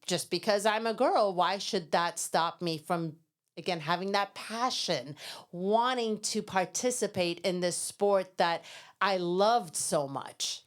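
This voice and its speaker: A middle-aged woman from Iran, a guest in an interview, telling lively stories and acting out quoted voices with laughter. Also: fairly low pitch, takes it slowly. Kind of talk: storytelling interview.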